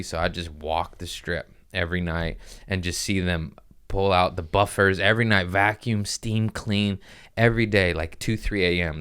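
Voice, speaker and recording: A comedian hosting his own podcast, swapping stories in an easy, profane way. His voice sits low and comes through smooth and resonant. He keeps it lively, leaping into high-pitched voices whenever he quotes someone. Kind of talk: casual storytelling chat.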